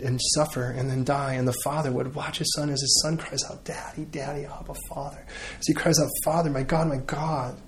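A middle-aged pastor preaches earnestly and conversationally, often pausing and restarting phrases, then leads a heartfelt closing prayer. His pitch is ordinary for a man, and there's a little hiss or hum in the recording.

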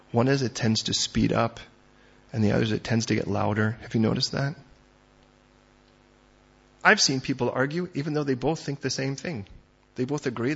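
A man preaching a sermon in a conversational way, pushing louder and faster at times and then dropping quiet. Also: medium pitch, vocal fry, slightly rough, muffled recording. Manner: conversational preaching, building to loud fast bursts then dropping soft. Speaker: pastor.

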